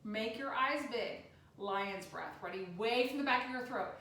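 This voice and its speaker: A woman teaching a yoga class for children, giving gentle sing-song instructions. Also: a little high, normal speed. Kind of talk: guided kids' yoga class. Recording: echoey room, distant mic.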